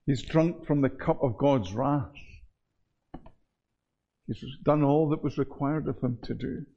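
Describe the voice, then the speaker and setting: A man preaching a sermon in an earnest, measured way, often repeating words for emphasis. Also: fairly high pitch, dark tone, muffled recording.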